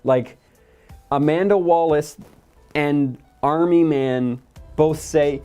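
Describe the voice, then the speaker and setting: Dark-voiced guy roasting a bad movie, sarcastic, swears a lot, faint music under it. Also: a little high, takes it slowly, pauses often, clear, resonant tone. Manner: blunt, sarcastic, swears freely. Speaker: movie review podcast host. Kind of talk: casual movie review chat.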